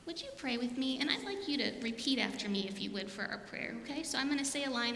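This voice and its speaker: A woman's voice: on the high side, lively intonation, fast, few pauses, a bit bright. A woman pastor, asking questions and leading a repeat-after-me prayer in a church sanctuary. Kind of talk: sermon and children's message. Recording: echoey hall with long reverb.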